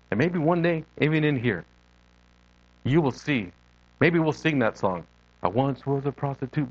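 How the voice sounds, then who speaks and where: With no room sound and a dull quality to the audio, a middle-aged man speaks at medium pitch. He is a lay preacher and missionary giving an off-the-cuff sermon packed with personal anecdotes, earnestly told, and he performs the quoted voices with animation.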